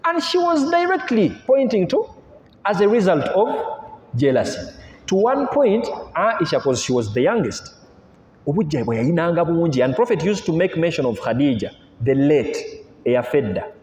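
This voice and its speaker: A man preaching a sermon, retelling stories in an animated way and asking his listeners rhetorical questions. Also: on the high side, normal speed, slight background noise. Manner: animated storytelling, mixing languages, rhetorical questions. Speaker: Islamic preacher. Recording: echoey hall with long reverb.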